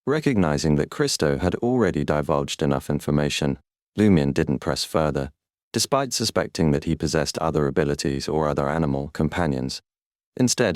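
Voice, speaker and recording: Brief: low-voiced man, smooth and animated narration, dry studio sound. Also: a little fast, no room sound. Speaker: audiobook narrator. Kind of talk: scripted narration.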